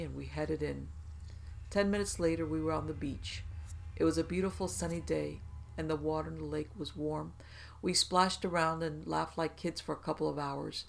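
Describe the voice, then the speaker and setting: A gravelly, fry-edged narrator in the middle of the pitch range, reading first-person tales aloud at a steady pace. The delivery stays even from line to line. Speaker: storyteller.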